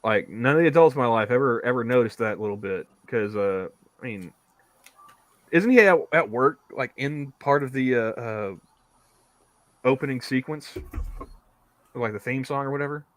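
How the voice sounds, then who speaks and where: Man, podcast co-host, rambling, repeats words, mid pitch, dry mic. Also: animated, normal speed, long pauses, no room sound. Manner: rambling storyteller, repeats words, laughs often. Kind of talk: casual chat.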